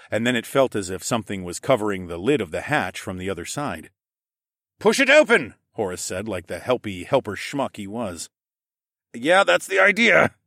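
A man narrating a first-person fantasy adventure audiobook in an expressive, wry and profane manner. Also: lowish voice, no echo, studio quality.

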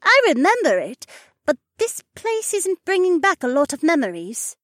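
A man voicing a soft-spoken, earnest young dragon-blooded woman in an audiobook. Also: very high-pitched, huge pitch swings, normal speed, dry recording, studio quality, voice pushed up, full character voice. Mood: eager. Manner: earnest and eager. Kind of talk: audiobook character voice.

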